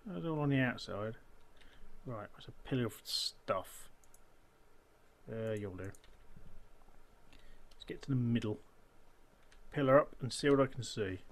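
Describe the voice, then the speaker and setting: Lively, gravelly man muttering. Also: mid-range voice, slow pace, long pauses. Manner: mutters to himself, counts blocks under his breath. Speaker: gaming channel host. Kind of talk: casual gameplay commentary.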